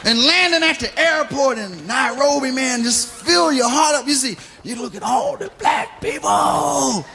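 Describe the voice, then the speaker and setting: A man doing a stand-up routine, telling profane stories loudly and laughing along with his own jokes. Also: extremely high pitch, expressive, a little slow, creaky. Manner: loud, profane storytelling that keeps breaking into laughter. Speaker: stand-up comedian. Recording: noisy live recording.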